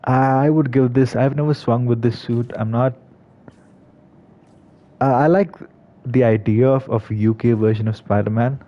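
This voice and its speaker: A man's voice: mid-range voice, steady tone, unhurried, pauses often. A man giving casual commentary on a game, hesitant, with many fillers and restarts. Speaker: gaming video creator. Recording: slightly dull lo-fi recording.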